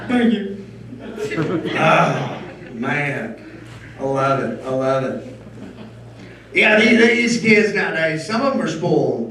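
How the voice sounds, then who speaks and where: A middle-aged man doing a stand-up comedy set on stage, telling loud, punchy jokes with shouted bursts. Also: sits high. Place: comedy venue stage before a live audience. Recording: echoey room from far off.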